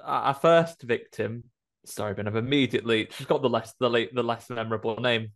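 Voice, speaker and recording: Brief: male co-host, mid pitch, dry humour, loose conversational delivery. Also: brisk. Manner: jokey, wry asides. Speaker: podcast co-host. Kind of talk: casual film discussion.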